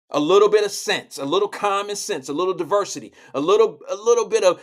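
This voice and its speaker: Blunt, profane man with a high voice. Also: lively intonation, quick pace, hardly any pauses. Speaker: live show host. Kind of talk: political commentary.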